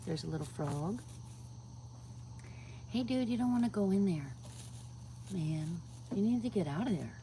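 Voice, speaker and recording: A woman feeding her backyard chickens chats casually on a night-time outdoor livestream, cooing to them and at times whispering. She speaks at a medium pitch, expressive and measured, pausing often, in a warm tone. Crickets, insects and a bit of hiss or hum fill the background.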